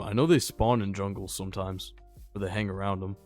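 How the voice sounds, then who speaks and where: A man's voice: on the low side, level tone, quick pace, darkish tone, faint music behind. A young man casually chatting and rambling while he plays, sometimes calling out to the animals in the game. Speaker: gaming channel host. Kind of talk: casual gameplay commentary.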